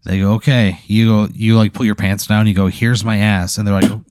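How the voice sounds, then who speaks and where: Low-voiced man spinning a rambling bit. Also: quick pace, clean tone, no echo, clean studio sound. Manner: rambling, full of "like" and "he goes", drops to low deadpan for punchlines. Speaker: podcast host telling a hypothetical. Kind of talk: casual improvised storytelling.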